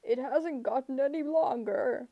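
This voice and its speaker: A woman playing a giant cyclops, gruff, demanding, slow, loud. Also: high voice, no echo, dull audio. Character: huge half-blind male cyclops, gruff and impatient. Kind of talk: audiobook character voice.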